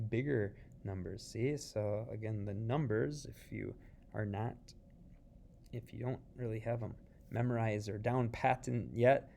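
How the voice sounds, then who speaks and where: Male teacher, mid pitch, takes it slow, recorded review lesson with a light background hiss. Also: vocal fry, a little mellow. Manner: slow and patient, models words aloud for learners; casual and jokey, checks in with "see?". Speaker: Spanish teacher.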